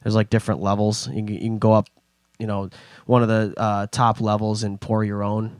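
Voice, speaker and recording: A man's voice: on the low side, brisk, no echo, clean studio sound. A young man casually telling rambling travel stories on a podcast, acting out other people's voices as he goes. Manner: rambling, animated storytelling with put-on voices. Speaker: podcast host. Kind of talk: casual storytelling.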